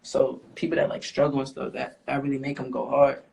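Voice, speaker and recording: A young man, a rapper guest, talking casually and haltingly with lots of fillers. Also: medium pitch, flat delivery, creaky, darkish tone. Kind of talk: casual interview talk. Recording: faint background noise.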